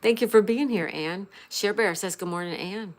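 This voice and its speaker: A woman hosting a casual baking livestream, softly greeting viewers by name and talking through a recipe. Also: mid-range voice, normal speed. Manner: soft, chatty, reads viewer names aloud. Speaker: livestream host. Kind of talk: casual live-stream chat while baking.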